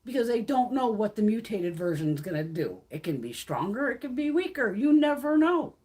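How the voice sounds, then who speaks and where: Woman, 50s, livestream host: husky, high-ish, very lively pitch, blunt profane rants. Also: moderate pace. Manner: blunt, profane and ranting, with frequent laughs; acts out others' lines in quoted voices. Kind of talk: casual livestream chat.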